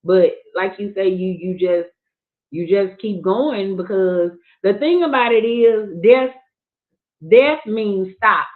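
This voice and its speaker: A woman's voice: mid-range voice, takes it slowly. A woman speaking earnestly and frankly in candid casual talk, often restarting her sentences. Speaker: livestream guest sharing her grief. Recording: tinny phone-like line.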